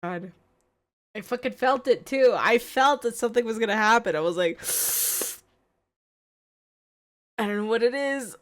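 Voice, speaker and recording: A woman streamer giving blunt, profane reaction commentary that swings between loud outbursts and low mumbling. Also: lively intonation, unhurried, pauses often.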